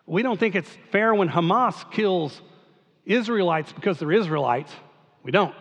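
High-voiced pastor preaching in a reverberant hall. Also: male voice, dull audio. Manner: reads scripture then explains it conversationally, with rhetorical questions. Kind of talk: sermon.

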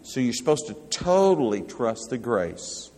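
A middle-aged man preaching in a relaxed, conversational way. He reads scripture aloud and checks in with his listeners. His voice carries a long, echoing reverb from a large hall. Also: mid-range voice, unhurried. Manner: conversational Bible teaching, reading verses aloud and asking the audience. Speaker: pastor. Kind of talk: sermon.

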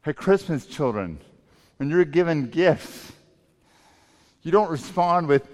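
A man preaching a sermon as pastor, emphatic and swinging between loud and soft delivery. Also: on the high side, lively intonation, slow pace, pauses often. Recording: long reverb of a large hall.

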